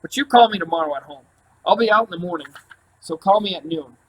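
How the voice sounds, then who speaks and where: A man voicing a pushy older uncle who rants loudly into an answering machine. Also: fairly high pitch, steady tone, a little fast, low-quality recording. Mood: angry. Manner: loud, angry, demanding.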